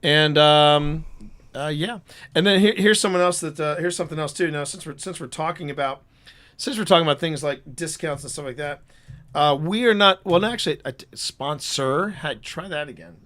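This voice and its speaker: A man hosts a live gaming podcast stream in easy, rambling chat. His voice sits a touch high for a man. He circles back and restarts sentences often. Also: a little fast, a bit bright. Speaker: podcast host.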